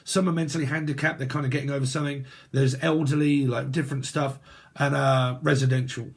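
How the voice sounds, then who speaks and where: In a flat, husky mid-range voice, a little fast, a British man works through a rambling tarot reading. He free-associates, tosses out crude jokes, and laughs as he goes in this casual spoken session.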